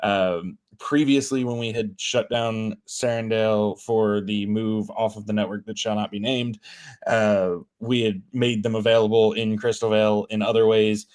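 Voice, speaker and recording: A man's voice: on the low side, fairly even intonation, measured pace, a little mellow. Casual man co-hosting a livestream. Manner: casual and friendly, uses "y'all". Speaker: livestream co-host.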